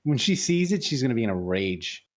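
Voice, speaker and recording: A man's voice: medium pitch, big pitch swings, a little fast. A man hosting a sports podcast in casual chat, queasy after throwing up and rambling with repeated words. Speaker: podcast host.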